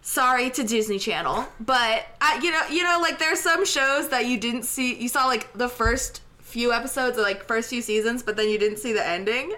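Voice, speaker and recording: Woman, very high voice, bright tone, rambling anecdotes, apologetic. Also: normal speed, hardly any pauses. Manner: rambling storyteller, apologetic, laughing. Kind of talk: casual chat.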